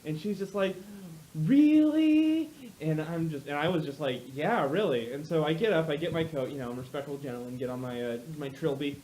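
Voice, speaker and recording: A man improvising a comic story among friends, animated and quick to jump into other voices. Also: slight background noise, rough recording. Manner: animated, jumps into high voices for quotes.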